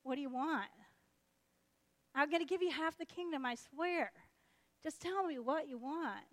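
A woman's voice: high voice, a little slow, fairly bright tone, pitched above the performer's own voice. A woman voicing an impulsive, doting male king in a retold story, speaking casually. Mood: coaxing. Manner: casual, coaxing.

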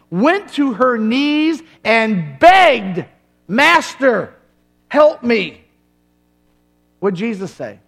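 Male pastor, middle-aged, very high voice, punchy sermon delivery with jokes and long pauses. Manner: emphatic preaching with dramatic pauses and humor.

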